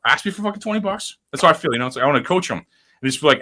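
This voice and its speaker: A man's voice: fairly high pitch, expressive, rapid-fire, bright, forceful tone. A man hosting a casual podcast chat, rambling and swearing freely with lots of fillers. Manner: rambling, profane, full of fillers. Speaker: podcast host.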